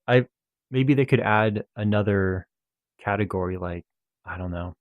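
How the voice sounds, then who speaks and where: A man's voice: on the low side, measured pace, dry recording, phone-quality sound. A man in a casual podcast chat, speaking thoughtfully and hesitantly, often restarting his sentences.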